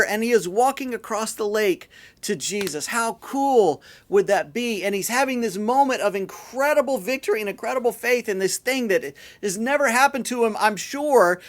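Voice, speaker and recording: A male pastor giving a sermon in a relaxed, conversational storytelling way, often repeating words as he goes. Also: extremely high pitch.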